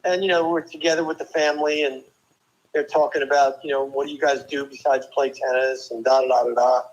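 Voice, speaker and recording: An older man from New Jersey, a former tennis player and guest, telling lively stories with quick asides and restarts. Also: medium pitch, dull audio. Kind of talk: casual storytelling interview.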